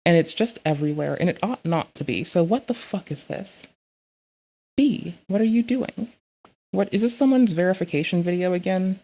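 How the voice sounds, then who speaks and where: A woman streaming live, chatting casually with heavy swearing and bursting into loud, excitable rants. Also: fairly low pitch, normal speed.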